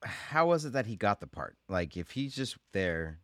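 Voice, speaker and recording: A man's voice: on the low side, sing-song, moderate pace, fairly bright tone, no room sound. A man co-hosting a casual movie podcast, laid-back with a dry, teasing humor. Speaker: podcast co-host.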